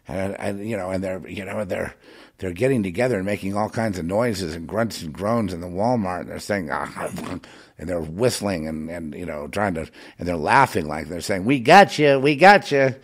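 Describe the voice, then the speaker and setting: A man's voice: deep voice, breathy edge. A man hosting a podcast monologue, rambling and impassioned, sarcastically scolding his listener, with many restarts. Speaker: podcast host.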